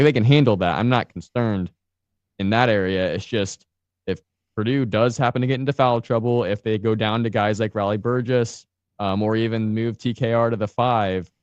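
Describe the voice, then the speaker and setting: Low-voiced analytical male co-host. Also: dry recording, muffled recording. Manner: measured, analytical, lays out scenarios step by step. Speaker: sports podcast co-host. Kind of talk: casual sports analysis.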